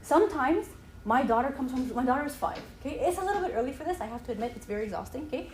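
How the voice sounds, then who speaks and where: An animated woman with a high, bright voice speaks to a church audience, checking in with a quick "okay?" after many lines. Her voice rings through an echoey hall over faint ambient noise. She sounds like a speaker in her thirties working through a slide talk.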